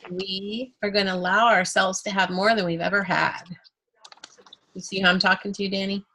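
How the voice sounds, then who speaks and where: A woman's voice: medium pitch, level tone, moderate pace, bright, forceful tone, slight background noise, rough recording. A woman from Texas leading a group art workshop and guided meditation, encouraging and upbeat. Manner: upbeat, encouraging, often laughing. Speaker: art class instructor. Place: indoor class room with a group.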